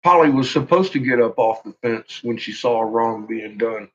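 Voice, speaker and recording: A man's voice: medium pitch, normal speed, slight background noise. A man ranting on a live stream in casual, profane talk, laughing often and calling out to his viewers by name. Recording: muffled lo-fi recording.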